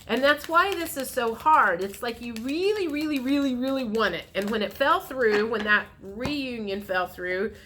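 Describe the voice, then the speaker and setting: A woman's voice: a little high, lively intonation, normal speed, few pauses, a bit bright, a little hiss or hum. A woman giving a frank, chatty tarot reading, speaking straight to the viewer. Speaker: tarot reader. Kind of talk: casual tarot reading to camera.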